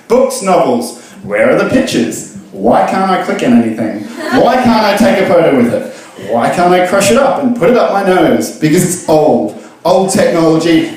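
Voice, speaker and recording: A young man giving a crude, self-mocking comic reading of his own piece in a pub. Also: high-pitched. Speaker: comic reader at a book launch. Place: pub function room, live audience. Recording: echoey pub room.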